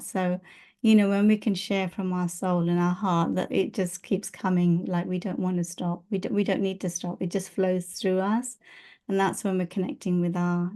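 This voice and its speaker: A woman's voice: on the low side, dark tone. A woman telling personal stories in a casual, chatty way, with many fillers, restarts and laughs. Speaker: spiritual teacher and video host.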